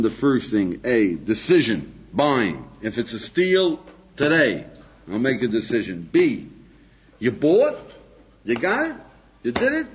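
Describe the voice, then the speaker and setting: A rabbi teaching a class to a live audience in an animated, questioning way, chuckling and acting out little dialogues. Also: male voice, medium pitch, a little hiss or hum. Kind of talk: lively lecture to a live audience. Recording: dull lo-fi archival lecture tape.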